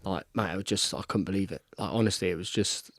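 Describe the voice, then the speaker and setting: A man, an excitable guest who keeps saying "mate" and trails off mid-sentence. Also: low-pitched, quick pace, creaky, no echo, clean studio sound. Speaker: podcast guest, rugby player. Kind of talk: casual chat, reacting to match footage.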